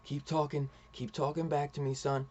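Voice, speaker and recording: A man reading out a calm, steady adult male caped vigilante, keeping his own low, quiet delivery and only barely shifting his voice. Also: normal speed, muffled recording, lightly acted. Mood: soothing.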